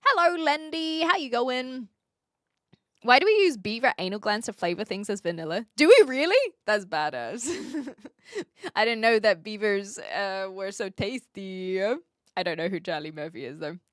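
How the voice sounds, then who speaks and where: A woman streamer casually answering her chat, playful and quick to laugh. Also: medium pitch, fairly bright tone, dry recording, studio quality.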